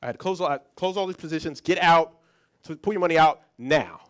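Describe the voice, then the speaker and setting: A man who is a psychologist, giving a motivational talk as a lively story, often restarting and repeating words. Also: on the high side, a little fast. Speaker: psychologist and speaker.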